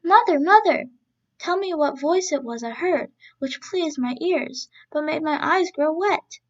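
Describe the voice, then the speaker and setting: A woman's voice: high-pitched, measured pace, gravelly, dull audio. A woman voicing an impatient wild young boy who longs to hear his real mother. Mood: breathless.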